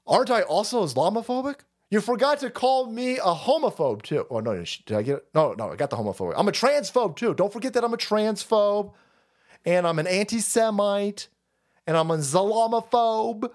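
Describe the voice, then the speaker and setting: Foul-mouthed guy ranting on his stream, high voice, mocking, all over the place. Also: animated, normal speed, a little mellow. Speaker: livestream host. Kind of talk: profane rant.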